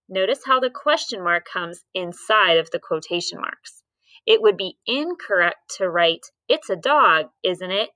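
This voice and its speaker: Bright, upbeat woman teaching third graders. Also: mid-range voice, dry recording. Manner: clear, patient, sing-song teacher voice. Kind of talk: grammar lesson for young kids.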